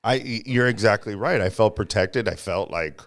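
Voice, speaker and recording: Smooth low-voiced man telling stories. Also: moderate pace. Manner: animated storyteller, acts out quotes, laughs at himself. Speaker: union guest telling stories. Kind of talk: casual podcast storytelling.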